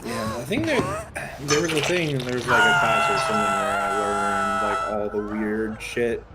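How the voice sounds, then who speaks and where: Blunt young man, loud hiss. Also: lowish voice, lively intonation, moderate pace. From Indiana. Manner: blunt, argumentative. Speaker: co-player. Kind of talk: casual chat while gaming. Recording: very noisy home mic.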